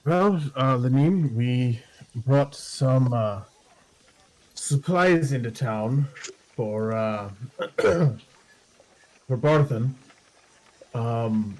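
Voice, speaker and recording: A man's voice: mid-range voice, extremely slow, long pauses, a little mellow. A man playing in a tabletop game, speaking casually and hesitantly. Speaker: player.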